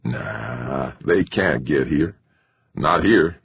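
A man voicing a weathered old grandfather who talks in a dry, knowing, slow way. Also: very deep voice, animated, creaky, slightly rough, lo-fi sound, exaggerated voice. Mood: wry. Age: older.

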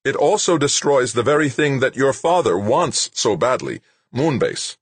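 An imperious, hot-tempered chairman in an audiobook, put on by a man reading aloud. He snaps his demands in a raised, husky voice. The sound is dry and close. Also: on the high side, wildly swooping pitch, a little slow, no echo, pitched above the performer's own voice, exaggerated voice. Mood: angry. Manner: demanding, harsh, snapping. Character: imperious middle-aged male corporate chairman, hot-tempered.

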